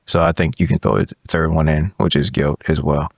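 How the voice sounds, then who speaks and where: A low-pitched man in his thirties talks as a podcast guest, telling a personal story in a loose, animated way and tagging his points with "right?". His voice is deep, and the recording is dry and close, with no room sound. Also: a little fast, vocal fry, dry recording. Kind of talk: casual conversation, storytelling.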